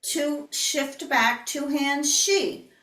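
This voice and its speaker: Calm woman teaching tai chi, echoey. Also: on the high side, takes it slowly, far from the mic. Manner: calm, step-by-step cueing, breathing out whispered healing sounds. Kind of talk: online movement class instruction. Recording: echoey room, voice heard from off the mic.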